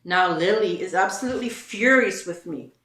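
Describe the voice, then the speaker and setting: A woman's voice: medium pitch, moderate pace, a bit bright, echoey room. A woman co-hosting a casual show, reading online posts aloud and commenting on them.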